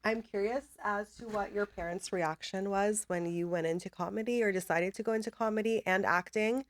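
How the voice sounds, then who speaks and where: A woman's voice: medium pitch, fairly quick. A woman hosting a podcast, asking questions in a loose, conversational way with plenty of fillers. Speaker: podcast host. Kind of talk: casual interview chat.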